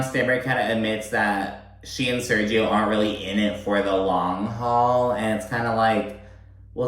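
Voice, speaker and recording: A man's voice: mid-range voice, fairly bright tone. A young man giving a casual, swear-laden recap of a reality show, full of "like" fillers. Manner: chatty, swears freely, many "like" fillers. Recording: very echoey room.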